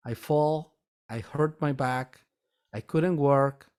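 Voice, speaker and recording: Earnest man telling a halting personal story. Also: fairly high pitch, a little mellow. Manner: earnest, halting, repeats words when emotional. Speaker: metaphysical store owner and meditation teacher.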